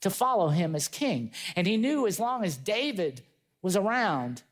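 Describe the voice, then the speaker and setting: A male pastor preaching a sermon, retelling a story with lively acted-out voices and chatty asides to his congregation. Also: high voice, moderate pace. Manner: animated storytelling, acting out quoted voices.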